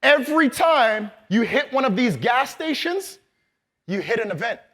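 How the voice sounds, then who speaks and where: A man giving a loud, hyped motivational training talk to a live audience in a large event hall, calling on the crowd and laughing. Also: very high-pitched, big pitch swings, a little slow. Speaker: motivational speaker.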